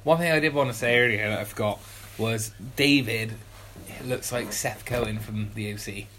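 Deep-voiced woman co-host, dry and understated, slight noise underneath. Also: moderate pace, a bit bright. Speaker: podcast co-host. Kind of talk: casual chat.

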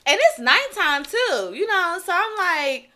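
A young woman co-hosting a casual podcast, telling a story with lots of energy, acting out quotes with shouts and laughter. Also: very high-pitched, sing-song, measured pace. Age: young adult. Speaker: podcast co-host.

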